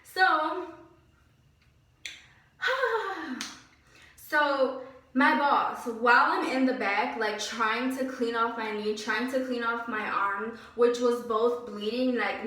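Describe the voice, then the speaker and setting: A young woman vlogger retells a story in an animated, exasperated way, stacking up "like"s and letting out heavy sighs. Her voice sits a little high. She is recorded from a distance in a very echoey room. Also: takes it slowly. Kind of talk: casual storytime vlog. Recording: very echoey room, voice away from mic.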